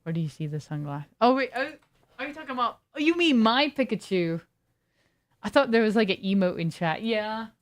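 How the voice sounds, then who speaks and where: A woman's voice: on the high side, animated, a little fast. A woman streamer chatting casually with her viewers, reading chat aloud and riffing on it in a laid-back way.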